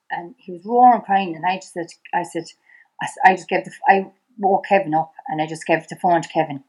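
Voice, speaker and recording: A woman's voice: medium pitch, quick pace, a little mellow, low-quality recording. A middle-aged woman with an Irish accent, a podcast guest telling a painful personal story, repeating herself and acting out the dialogue with her voice climbing. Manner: repeats "I said" constantly, re-enacts dialogue with rising voice.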